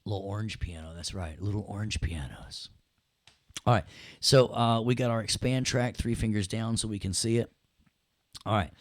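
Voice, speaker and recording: A man teaching audio software in a casual, jokey way, talking straight to his students. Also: lowish voice, normal speed, dry recording. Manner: chatty, jokey, addresses students directly. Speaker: audio production instructor. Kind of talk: casual screen-share software lesson.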